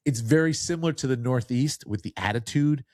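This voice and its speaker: Speaking fairly quickly in a mid-range, darkish voice, this podcast host from New Jersey chats, jokes, and tells stories in casual interview conversation. The recording is dry and studio quality.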